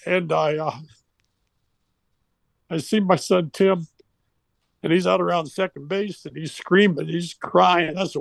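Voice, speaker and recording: A man's voice: on the high side, fairly even intonation, unhurried, vocal fry, pauses often, dry recording. An older man and former baseball coach, telling a personal story in a heartfelt, rambling way with restarts.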